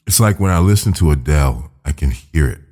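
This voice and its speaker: Deep-voiced American man, blunt and joking. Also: lively intonation, brisk, dark tone. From United States. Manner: blunt, joking, swears freely. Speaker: podcast host. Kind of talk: casual interview chat.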